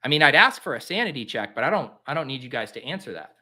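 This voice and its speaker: A man's voice: mid-range voice, sing-song, quick pace, bright, forceful tone. A man hosting a fantasy football show, talking casually and mocking himself as he drafts live and talks to his viewers.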